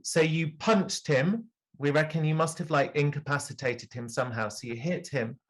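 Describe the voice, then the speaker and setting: Man laying out an accusation, slightly high. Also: moderate pace. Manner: rambling accusation with many fillers. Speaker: improv performer playing a detective. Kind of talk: improvised theatre narration.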